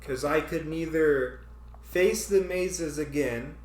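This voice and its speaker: A man's voice: a little high, takes it slowly, roomy sound, a little hiss or hum. A man hosting a casual chat, telling a story with frequent laughs and acted-out panic. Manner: animated, laughing often, acts out his own panic. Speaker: podcast host.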